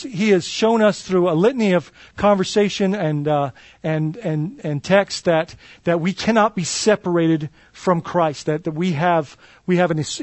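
A man's voice: a little high, darkish tone, dry recording. A male pastor preaching a sermon in an earnest, emphatic way, with many fillers and restarts as he explains scripture.

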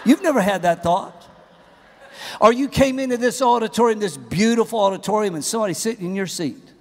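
A middle-aged man preaching a humorous, animated sermon in a large church auditorium. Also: sits high, brisk, in a large hall. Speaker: pastor.

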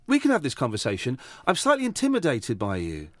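A middle-aged man chatting in a podcast interview, his pitch rising and falling a lot as he talks. He tells his stories haltingly, stopping and restarting his sentences. The sound is dry and close to the mic, with no room around it. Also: wildly swooping pitch, no room sound. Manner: hesitant, halting storyteller with many restarts. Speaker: radio host, podcast guest. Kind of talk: casual conversational interview.

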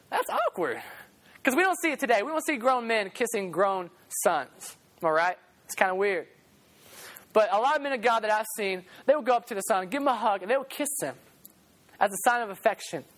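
A young man preaches a sermon loudly and with lots of energy, laughing between his points. His voice is high for a male.

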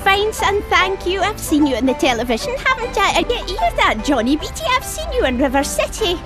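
Guy putting on a squeaky old lady, voice bouncing all over, loud music under it. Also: sing-song, fairly quick. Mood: chatty. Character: old Scottish woman, a chatty local.

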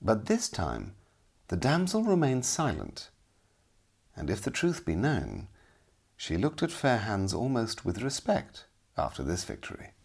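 Husky-voiced male storybook narrator. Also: on the low side, measured pace. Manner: expressive, dramatic storytelling.

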